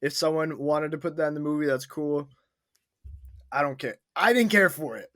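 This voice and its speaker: A man with a fairly high voice giving blunt, opinionated takes in a loose podcast chat. His speech is full of "like" as he circles his point, and the recording sounds close and dry. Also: normal speed, a bit bright, no echo. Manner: blunt, opinionated, heavy with fillers like "like". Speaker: podcast co-host. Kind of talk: casual movie review chat.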